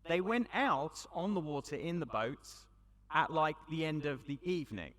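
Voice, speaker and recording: A man with a British accent giving a storytelling talk to a young audience at an event, conversational with dramatic pauses. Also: fairly high pitch, animated, a bit bright. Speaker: youth event speaker. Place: large hall with audience. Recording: long hall reverb.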